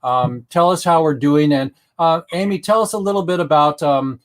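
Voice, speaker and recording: A man hosting an online talk show, speaking casually with many pauses, ums and restarts. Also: a little high. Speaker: web show host.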